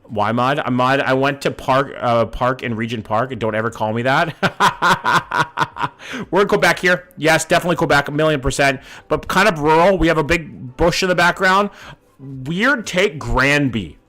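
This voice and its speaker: A man's voice: mid-range voice, moderate pace, sharp tone. A man in his thirties, a streamer from Vancouver, swearing casually as he chats with viewers while guessing locations. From Vancouver, Canada. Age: 30s. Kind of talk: live-stream commentary, reading chat.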